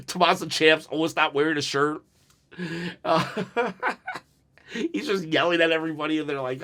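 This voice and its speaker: A man with a fairly high voice chatters through a wrestling review. He is jittery from caffeine and rambles with jokey asides and bursts of laughter. The talk is loose and excitable, never scripted. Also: moderate pace, long pauses. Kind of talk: casual solo review talk.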